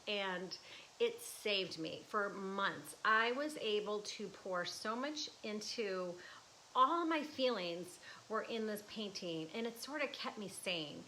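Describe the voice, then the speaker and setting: A woman in her fifties, an artist, chats casually and emotionally during a livestream from her art studio, laughing and restarting her sentences. Her voice is medium-pitched and sharp in tone, and the poor audio has slight background noise.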